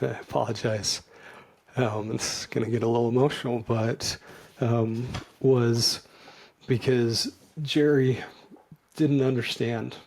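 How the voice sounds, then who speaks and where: A man's voice: medium pitch, creaky, darkish tone. A middle-aged man, a podcast guest, telling his personal story candidly and with emotion. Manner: earnest, emotional, laughs easily.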